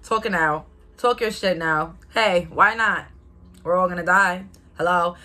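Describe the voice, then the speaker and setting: This is a young woman, talking through a tarot reading like a chat with friends. She is outspoken and quick to laugh, and her voice sits a little low. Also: pushed and bright. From Brooklyn, New York. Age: 20s. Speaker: tarot reader. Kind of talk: casual tarot reading to viewers.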